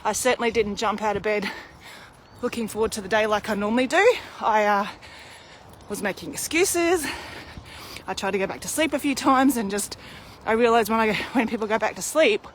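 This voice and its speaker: A woman's voice: mid-range voice, moderate pace, slight background noise. A woman in her thirties, out of breath, chatting candidly in a live video while pushing a pram uphill outdoors. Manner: chatty, candid, self-deprecating. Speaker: vlogger. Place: outdoors on a hilly street.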